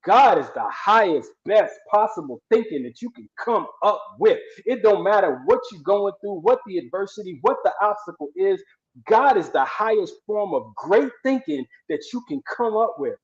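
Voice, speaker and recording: A man's voice: high-pitched, lively intonation, normal speed. A man giving a fervent motivational speech with preacher-like emphasis and repetition. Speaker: guest speaker. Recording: dull lo-fi sound.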